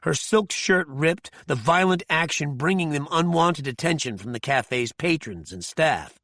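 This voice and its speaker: Male audiobook narrator, gravelly, dry close studio sound, measured thriller reading. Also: a little high, animated, a bit bright, no room sound.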